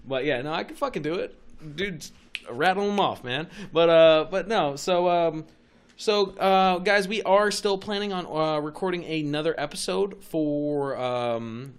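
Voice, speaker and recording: A man's voice: a little high, a little slow, clear, resonant tone. A young man hosting a casual podcast, telling wild stories with constant swearing. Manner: profane, animated storytelling. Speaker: podcast host.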